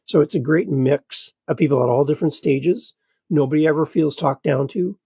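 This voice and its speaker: A middle-aged man with a slightly raised pitch and a husky, breathy edge tells a story in an animated, earnest way. His voice is recorded close and dry, with no room sound. He talks like a motivated podcast guest. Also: normal speed, dry recording. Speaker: podcast guest and show host. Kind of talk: conversational storytelling.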